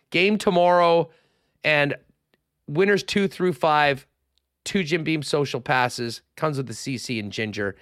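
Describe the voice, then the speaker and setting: A man's voice: mid-range voice, a bit bright, no room sound, studio quality. A man with a Canadian accent hosting a casual sports talk show, rambling through sponsor plugs and giveaways. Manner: chatty, rambling, promo reads. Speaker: sports radio host.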